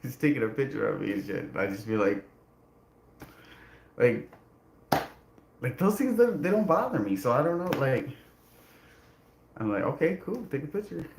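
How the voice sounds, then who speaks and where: A man's voice: medium pitch, very animated, normal speed, vocal fry, long pauses, background noise. A man hosting a casual livestream, talking in a rambling way full of restarts and fillers. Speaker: livestream host.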